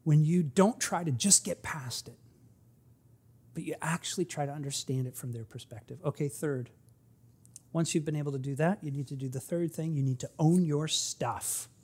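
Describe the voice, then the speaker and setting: A man preaching a sermon as pastor, speaking conversationally and swinging between quiet asides and loud, emphatic peaks. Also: a little high, moderate pace, slightly rough.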